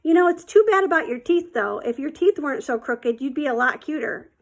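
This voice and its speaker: A tactless male stranger at a bar, as a woman quotes him in a story. His blunt, careless talk turns sheepish in his apology. The voice is pitched a little high and keeps a gravelly rasp. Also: expressive, brisk.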